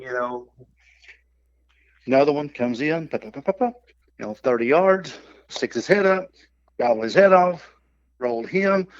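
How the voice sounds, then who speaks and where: A man's voice: medium pitch, gravelly, no echo. A middle-aged man, a turkey hunting instructor, telling a story in a casual podcast chat and acting out the quotes and turkey calls. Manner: lively yarn-spinner who acts out quotes and turkey calls. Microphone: podcast microphone. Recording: dull, dry lo-fi podcast audio.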